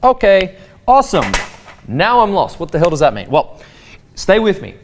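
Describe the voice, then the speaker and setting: A man's voice: high voice, huge pitch swings, normal speed, a little hiss or hum. A man teaching a waltz lesson, explaining timing and counting beats aloud with a sing-song lilt. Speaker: dance teacher. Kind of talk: spoken dance lesson. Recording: faint waltz music behind. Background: waltz music.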